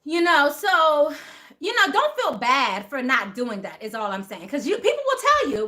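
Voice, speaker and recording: Lively high-voiced woman telling a story. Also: measured pace. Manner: animated, laughing, reads viewer comments aloud. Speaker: spiritual livestream host. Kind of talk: casual storytelling livestream.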